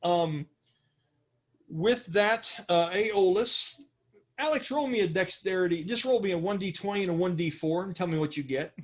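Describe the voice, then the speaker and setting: A man's voice: high voice, moderate pace. A man narrating as game master of a tabletop role-playing game, slipping into sarcastic character voices. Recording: faint music behind.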